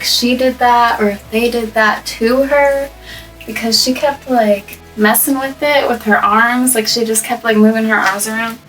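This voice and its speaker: A young woman chats her way through a story, laughing often and trailing off mid-thought. Her voice sits a touch high. She sounds a little away from the microphone, with faint music behind her. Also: a bit bright, recorded from a distance, low-quality recording. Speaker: vlogger. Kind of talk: casual story time while coloring hair. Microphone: microphone placed up by the camera.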